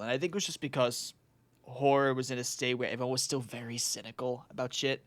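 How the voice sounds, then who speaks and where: A man's voice: mid-range voice, steady tone, fast talker, fairly bright tone, no room sound. A young man co-hosting a podcast, chatting casually, laughing and swearing freely. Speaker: podcast co-host. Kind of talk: casual chat.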